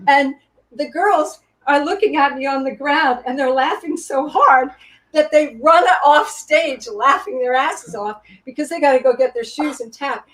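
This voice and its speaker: A former Broadway performer, she shares stage anecdotes over a video call in a casual storytelling interview, laughing often. Her voice sits high and moves at a normal pace, and the recording is rough.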